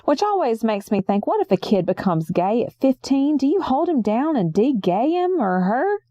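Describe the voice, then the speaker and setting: Young woman storyteller, folksy and rambling, mellow, dry close sound. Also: fairly high pitch, sing-song, moderate pace, no echo, highs cut off. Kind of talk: first-person story reading.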